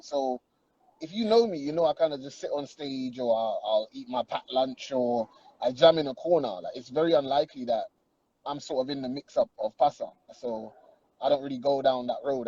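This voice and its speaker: A man's voice: mid-range voice, mellow, slightly rough, dull audio. A young man, a DJ and artist talking casually as a radio interview guest, joking and using slang. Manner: laid-back, joking, slangy.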